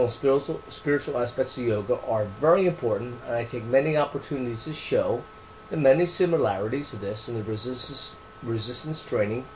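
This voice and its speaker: A man with a mid-range voice rambles earnestly about his training book, unscripted and relaxed. He keeps restarting phrases, moving from soft words that trail off to loud bursts of emphasis. The audio is poor, with slight noise in the background.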